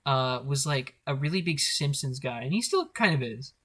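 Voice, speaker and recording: A young man co-hosting a podcast, chatting casually in an animated way, swearing and laughing often. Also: mid-range voice, normal speed. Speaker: podcast co-host. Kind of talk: casual chat.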